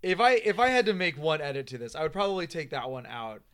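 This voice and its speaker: A man's voice: on the high side, animated, fast talker, a bit bright. A man co-hosting a casual podcast chat, wry, trailing off with fillers. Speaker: podcast co-host.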